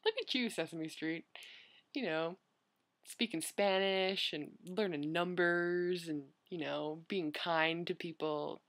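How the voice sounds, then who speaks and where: A woman's voice: lowish voice, slow pace, fairly bright tone. A young woman vlogger chatting casually as she answers questions, rambling and filling her talk with "like" and "you know".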